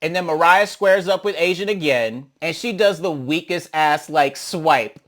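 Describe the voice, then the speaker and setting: A young man hosting a casual, sassy recap of a reality show, animated and blunt, often slipping into mocking voices for the cast. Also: a little high, measured pace, hardly any pauses.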